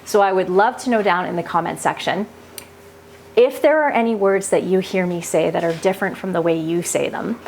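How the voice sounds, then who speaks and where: A woman's voice: lowish voice, brisk, darkish tone, a little hiss or hum. A woman with a Canadian accent chatting casually as she cooks in her home kitchen, laughing easily and thinking aloud. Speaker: home cooking vlogger. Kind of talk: casual cooking chat.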